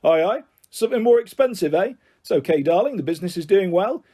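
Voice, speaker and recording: A man's voice: high-pitched, expressive, quick pace, mellow, husky, pitched above the performer's own voice. A man voicing a bullying middle-aged father who coaxes and sneers in a taunting, menacing way. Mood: coaxing. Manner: taunting, mock-jovial then harsh.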